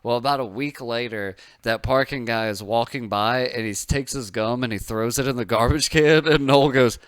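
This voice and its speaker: A man hosting a comedy podcast, spinning a long anecdote in an animated way and swearing as he goes. His voice is clean and resonant, set in a dry, close sound with a middle pitch. It is a relaxed, conversational tone. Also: normal speed, clear, resonant tone, dry recording. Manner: animated storyteller, swears freely. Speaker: podcast host. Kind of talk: casual storytelling chat.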